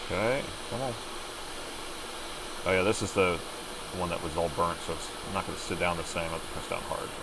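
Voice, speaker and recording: The recording is very noisy, with a middle-aged man's deep voice moving fairly quickly between long pauses. He's doing a live repair stream at an indoor workbench, casually chatting and muttering to himself while he works.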